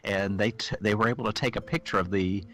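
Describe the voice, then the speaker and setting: A man co-hosting a casual podcast, easygoing and halting as he explains things. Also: lowish voice, steady tone, fairly bright tone. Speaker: podcast co-host.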